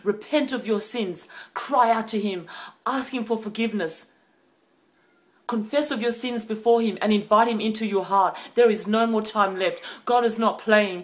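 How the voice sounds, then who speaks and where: A woman giving an impassioned prophetic message, fervent and emphatic, slowing down for solemn phrases and sometimes breaking into speaking in tongues. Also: a little high. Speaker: prophetic preacher.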